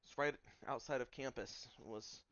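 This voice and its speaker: A man's voice: mid-range voice, moderate pace, fairly bright tone, no echo, highs cut off. A man narrating a tabletop game as game master, casual and full of fillers.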